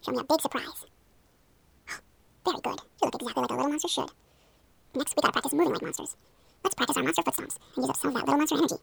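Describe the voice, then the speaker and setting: A young woman guides a playful hypnosis role-play in a high, heavily fried, gravelly voice. She talks quickly, coaxing and encouraging the listener along, with a dry, close sound. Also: no room sound.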